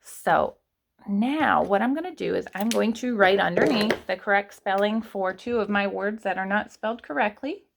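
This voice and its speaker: Giving an online class to young children, a woman with a creaky, medium-pitched voice speaks slowly and patiently. She draws each word out sound by sound for the kindergartners.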